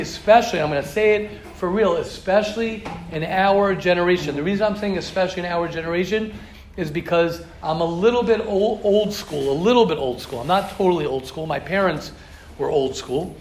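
Middle-aged American man teaching in a roomy hall. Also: sits high. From United States. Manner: animated and repetitive, acts out quoted speech. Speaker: Torah class teacher. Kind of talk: informal religious lecture. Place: study hall with a group. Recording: roomy hall, faint ambient noise.

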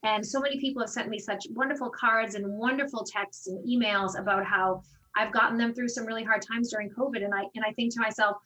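A woman fitness instructor with a fairly high voice chats in an interview, animated and quick to act out the exchanges she retells. She sits a little away from the microphone, so her voice sounds slightly distant. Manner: animated storyteller, acts out quoted exchanges. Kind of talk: casual interview talk.

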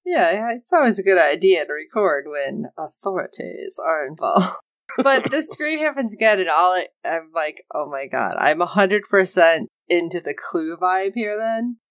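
A woman co-hosting a casual recap chat, animated and laughing as she quotes characters. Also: fairly low pitch, moderate pace, no room sound. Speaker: podcast co-host.

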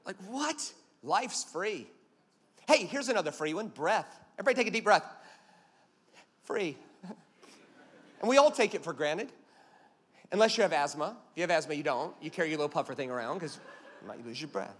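A man's voice: a little high, expressive, normal speed, pauses often, a bit bright, slightly rough, long reverb tail. A man preaching a sermon as a pastor, emphatic and punchy, telling stories with jokes.

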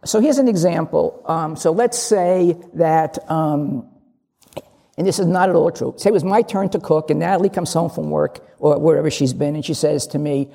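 An older woman gives a candid, funny dharma talk, her voice gravelly and husky with a mellow tone. The words carry a long reverb from a large meditation hall. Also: deep voice, moderate pace. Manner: candid, humorous, acts out little dialogues. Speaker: lay Zen teacher.

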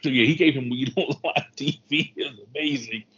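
A man's voice: mid-range voice, fairly quick, a bit bright, slightly rough. A man co-hosting a casual wrestling podcast, an enthusiastic fan who retells the show in detail. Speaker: podcast co-host. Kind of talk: casual wrestling recap chat. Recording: dull lo-fi sound.

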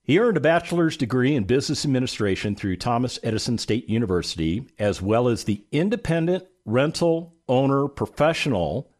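A middle-aged man hosting a radio talk show, animated and playful, building up his guest with emphatic asides. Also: medium pitch, brisk, few pauses.

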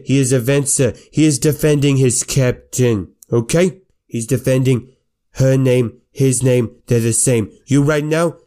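A man's voice: medium pitch, dark tone, lightly acted. A man voicing a stern older male crime boss who gives commands and keeps asking "right?" and "okay?".

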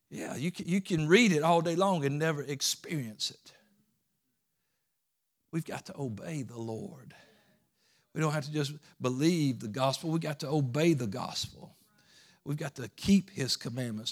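A male preacher delivering a sermon, climbing to shouted peaks and then dropping into low, quick asides with repeated words.

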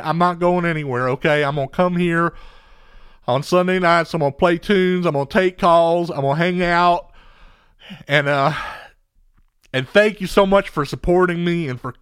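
A man's voice: a little high, a bit bright, smooth, no room sound, studio quality. A man hosting a radio show in scripted comedic banter, emotional and rambling, with frequent sighs and repeated words.

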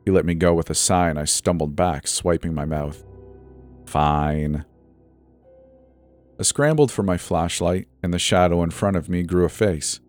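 A man's voice: low-pitched, steady tone, a little fast, hardly any pauses, a little mellow. A man narrating a first-person horror story in a tense, storytelling delivery. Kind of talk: scripted narration. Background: faint background music.

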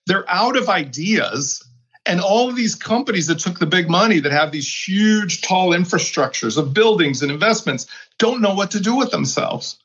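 A blunt, opinionated man joins a roundtable podcast panel. He speaks a little high, his voice husky and grainy. The recording sounds dull and lo-fi. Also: animated, moderate pace, fairly bright tone. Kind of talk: roundtable discussion.

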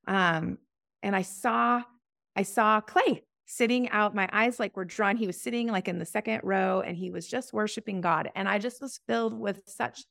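A middle-aged woman sharing her faith story in an interview, earnest and halting, often restarting her sentences. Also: gravelly, fairly bright tone, no echo, clean studio sound. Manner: earnest, halting, many restarts, rises high when recalling prayers. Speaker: podcast guest. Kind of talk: testimony in an interview.

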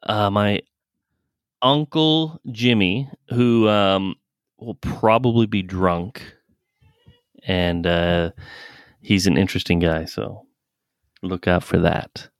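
A man's voice: sits low, clean tone, dry recording, clean studio sound. A man hosting a podcast in casual chat, laughing often and asking callers to phone in. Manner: laughs often, unhurried, reads out the call-in number. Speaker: podcast host.

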